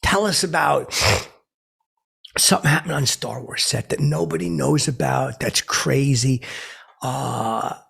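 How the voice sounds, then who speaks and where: A boastful, washed-up radio DJ, as a man puts him on, rambles through a story that keeps stumbling over itself. His voice is deeply gravelly and rough with fry. He stammers and repeats himself, always oblivious. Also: a little slow, a bit bright, exaggerated voice. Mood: rambling. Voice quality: gravelly, extremely raspy. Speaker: comedy podcast host playing a character.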